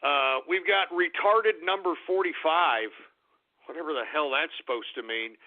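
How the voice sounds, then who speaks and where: A man's voice: on the high side, moderate pace. A man hosting a radio show, reading out listener names and snapping at them in mock-angry, profane outbursts. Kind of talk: call-in radio show shout-outs. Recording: tinny phone-like line.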